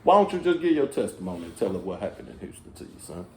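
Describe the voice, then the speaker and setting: A man in casual podcast chat, animated and mocking, swearing and laughing often. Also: low voice, quick pace, a little hiss or hum. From Texas. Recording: echoey room.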